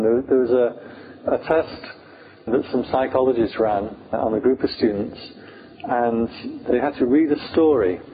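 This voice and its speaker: A British man, a Buddhist monk, teaching meditation in an informal, humorous talk full of fillers. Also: medium pitch. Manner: chatty, humorous, many fillers. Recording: tinny phone-like sound, faint hiss.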